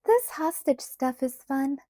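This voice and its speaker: A woman's voice: high voice, lively intonation, takes it slowly, warm tone, no echo, clean studio sound, pitched above the performer's own voice. A woman voicing a playful, mischievous young woman with a teasing, innocent-sounding manner in an audiobook reading.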